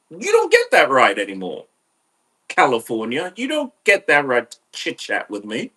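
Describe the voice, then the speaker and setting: A man ranting on his podcast in a profane, animated monologue. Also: medium pitch, normal speed, slightly rough. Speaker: podcast host.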